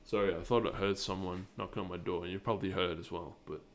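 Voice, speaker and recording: A man's voice: deep voice, fairly even intonation, quick pace, a little hiss or hum. A young man with a British-leaning accent, hosting a solo podcast and rambling with many restarts and fillers. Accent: British-leaning English, non-native. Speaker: podcast host.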